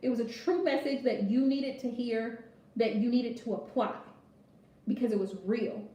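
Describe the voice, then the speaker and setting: A warm, somewhat high voice at a normal speed comes from a woman in a roomy-sounding space. She's a tarot reader offering casual advice in a vlog, bluntly and emphatically driving her point home with repeated "right?"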